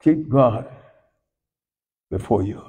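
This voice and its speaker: A male pastor preaching a sermon in a folksy storytelling way, swinging from hushed lines to shouted ones, heard in a church sanctuary. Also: mid-range voice, lively intonation, takes it slowly, husky. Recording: long church hall reverb.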